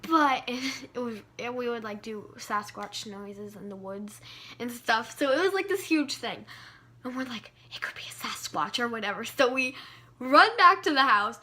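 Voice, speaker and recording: A woman vlogger telling a story time tale with animated, dramatic delivery. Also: a little high.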